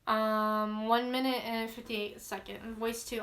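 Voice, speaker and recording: Chatty woman, slightly high voice. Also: flat delivery, unhurried, a bit bright. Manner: chatty, easily spooked, many fillers. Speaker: vlogger. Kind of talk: casual read-aloud of a horror log.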